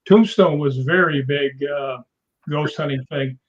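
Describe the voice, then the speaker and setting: A man's voice: fairly high pitch, a little slow. A man in a casual interview, telling rambling stories with many restarts. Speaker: guest, stuntman. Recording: dull lo-fi sound.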